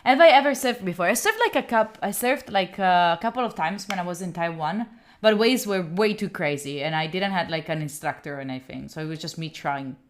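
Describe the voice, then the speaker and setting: Speaking a little fast in a fairly low-pitched voice, a young adult woman from Italy streams her study sessions and chats casually with viewers. She has an Italian accent, laughs often, and answers their questions.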